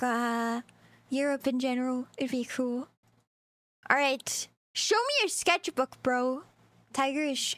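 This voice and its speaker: A woman's voice: sits high, a bit bright, dry recording. A woman streamer giggling through a casual reaction stream, sounding out place names as she goes. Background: background music.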